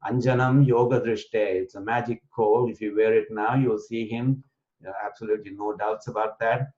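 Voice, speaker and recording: Low-voiced man teaching, dull lo-fi audio. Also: fairly even intonation, moderate pace, darkish tone. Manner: explanatory, frequent fillers and restarts, chants verses. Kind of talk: online class lecture. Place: online class. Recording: dull lo-fi online class audio.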